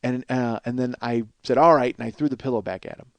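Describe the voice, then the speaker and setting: A man in his forties from Chicago tells a childhood story on a comedy podcast. He rambles with plenty of swearing and restarts, and he gets louder and more animated when he is worked up. His voice sits at an ordinary middle pitch. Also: fast, no room sound. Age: 40s.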